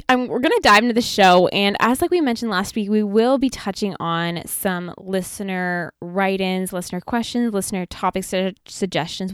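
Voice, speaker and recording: A woman's voice: medium pitch, smooth, dry recording, studio quality. A woman co-hosting a money podcast, reading the introduction and then asking her co-host questions with some restarts.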